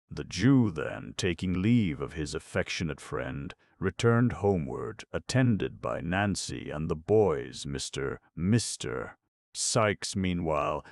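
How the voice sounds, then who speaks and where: A man reading a classic novel aloud as audiobook narrator, in measured, steady storytelling. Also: extremely low pitch, no echo. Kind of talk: scripted narration.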